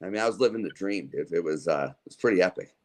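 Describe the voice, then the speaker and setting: A man's voice: low voice, expressive, quick pace, darkish tone. A man from Utah, a podcast guest, telling long casual stories in a laid-back, slangy way, full of "like" and swearing. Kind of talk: casual storytelling.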